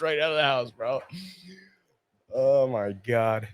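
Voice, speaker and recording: Profane New guest spinning stories. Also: male voice, medium pitch, a little slow, pauses often, no room sound. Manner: profane, laughing storyteller acting out yelling. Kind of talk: crude casual storytelling chat.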